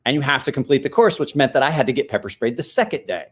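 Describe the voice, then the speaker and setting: A man's voice: mid-range voice, very animated, very fast. A man in his forties telling a story in casual chat as host, acting out quotes with big jumps and laughs.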